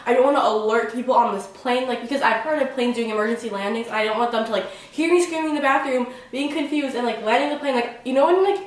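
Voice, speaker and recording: A young woman telling a story on her vlog in a casual, excitable way, filling almost every phrase with "like". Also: fairly high pitch, fast, hardly any pauses. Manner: chatty, fills every phrase with "like"; excitable, dramatic retelling. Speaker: vlogger. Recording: very echoey room, mic at a distance.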